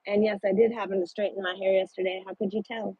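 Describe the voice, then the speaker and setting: A woman truck driver chatting casually with her livestream viewers, blunt and quick to swear. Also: medium pitch, flat delivery, dark tone, husky, dry recording, highs cut off.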